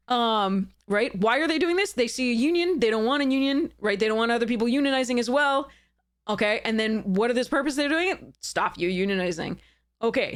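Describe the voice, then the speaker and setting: A woman hosting a casual commentary, reading quoted lines aloud and rebutting them, talking animatedly with "right?" tags. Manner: animated, rising pitch when indignant, frequent "right?" asides. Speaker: commentary host. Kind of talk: casual commentary analyzing a letter.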